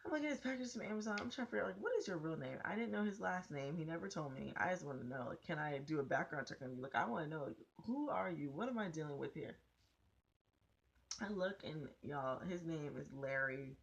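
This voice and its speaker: Low-voiced young woman telling a blunt story. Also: quick pace, gravelly. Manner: animated, blunt, profane storytelling. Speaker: vlogger. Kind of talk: casual storytime.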